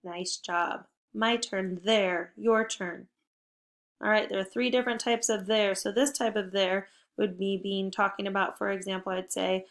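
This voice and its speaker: A woman teaching a spelling lesson to young children, speaking slowly and clearly, upbeat and encouraging. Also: mid-range voice, flat delivery. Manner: slow, deliberate word-by-word modeling.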